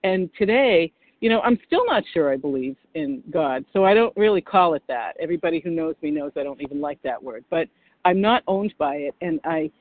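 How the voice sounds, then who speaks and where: An older woman giving an earnest, halting personal share at a recovery meeting on a phone line, often restarting her sentences. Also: low voice, expressive. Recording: dry tinny phone line.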